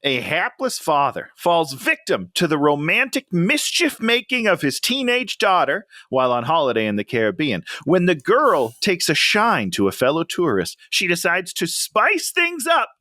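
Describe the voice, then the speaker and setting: A man co-hosting a casual podcast, joking and swearing as he pitches next week's movie. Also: normal speed, few pauses, no room sound, clean studio sound. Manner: animated, swearing, jumps to high pitch when amused. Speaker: podcast co-host. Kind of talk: casual chat.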